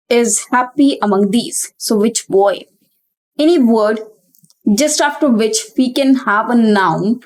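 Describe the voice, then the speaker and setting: Young woman teacher going over grammar, highish voice, says the key words again and again. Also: a little mellow, poor audio. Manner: explains step by step, repeats key terms. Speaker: English teacher. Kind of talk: exam-prep grammar lesson.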